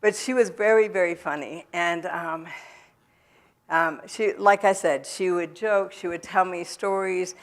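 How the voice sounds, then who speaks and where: A woman gives a personal testimony to a church audience, her voice sitting on the low side. She talks haltingly, with fillers and restarts, and turns to the listeners directly. It sounds like a church sanctuary. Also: steady tone. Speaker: guest speaker at a recovery event.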